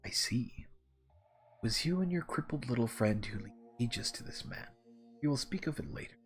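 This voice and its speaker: A man voicing a cold, formal wealthy patriarch who speaks in stiff, measured sentences. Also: mid-range voice, animated, soft background music, natural voice.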